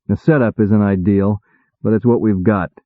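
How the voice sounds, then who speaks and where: A man's voice: lowish voice, steady tone, moderate pace, no echo, lightly acted. A man voicing a blunt, slangy demon mentor. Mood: impatient. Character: impatient wisecracking male demon mentor. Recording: tinny phone-like dry sound.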